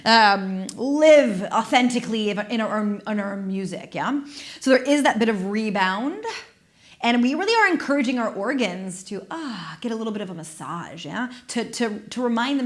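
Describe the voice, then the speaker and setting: A woman movement instructor guiding an exercise class on a dedicated microphone, gentle, playful and encouraging, with soft laughs. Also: a little high, expressive, moderate pace. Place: studio.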